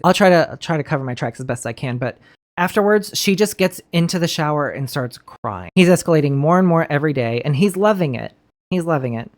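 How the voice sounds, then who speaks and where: A woman's voice: sits low, animated, fast. Blunt, swearing woman reacting to a story. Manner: blunt, emotional, swears freely. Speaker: commentary host. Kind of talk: casual reaction commentary.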